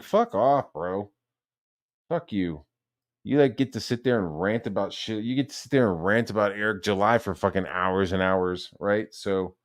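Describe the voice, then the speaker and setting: Brief: male stream host, low voice, rambling and profane. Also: normal speed. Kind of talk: profane ranting livestream.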